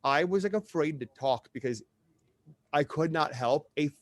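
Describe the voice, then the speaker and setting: A man's voice: a little high, moderate pace, no room sound. Chatty man with a Wisconsin accent. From Wisconsin, USA. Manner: animated, chatty storyteller. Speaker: podcast guest. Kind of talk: casual chat.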